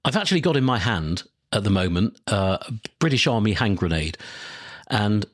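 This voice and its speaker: A man's voice: lowish voice, big pitch swings, normal speed, a bit bright, slight background noise. A man hosting a podcast, talking through listener questions in an opinionated, conversational way. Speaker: podcast host. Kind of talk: solo podcast talk.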